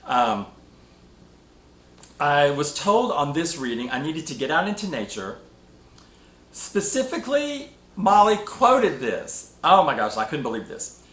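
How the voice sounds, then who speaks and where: A man hosting a spiritual talk show, telling a personal story with emotional, animated delivery. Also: fairly high pitch, moderate pace, pauses often. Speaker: podcast host. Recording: echoey room.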